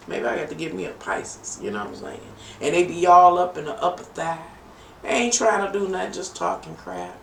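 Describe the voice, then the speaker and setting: A gravelly middle-aged woman, reading tarot on a live stream in a loose, teasing, bawdy way. She sits a little back from the mic in a roomy space. A faint hum runs underneath her voice. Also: lowish voice, expressive, a little fast, distant mic. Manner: playful, bawdy banter with viewers. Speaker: tarot reader.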